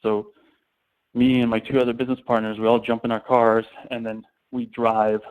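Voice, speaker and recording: A man as a sales trainer, telling anecdotes in a casual, animated way. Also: medium pitch, normal speed, clean tone. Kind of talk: storytelling talk. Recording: tinny phone-like sound.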